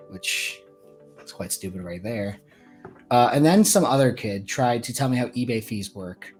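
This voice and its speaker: A man in his twenties co-hosting a podcast, chatting casually in a blunt, swearing, animated way. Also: medium pitch, normal speed, soft background music. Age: 20s. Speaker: podcast co-host. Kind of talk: casual chat.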